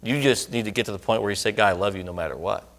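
A man's voice: fairly low pitch, rapid-fire, fairly bright tone. A middle-aged man preaching, telling a personal story earnestly and rising to emphatic outbursts. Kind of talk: sermon testimony.

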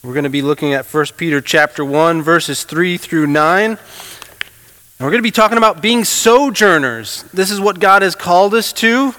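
A man preaches from the pulpit, casual and conversational, his talk full of fillers and restarts. His voice is bright and a little high for a man. The sound carries a long church-hall reverb. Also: moderate pace. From United States. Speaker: pastor. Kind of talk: sermon.

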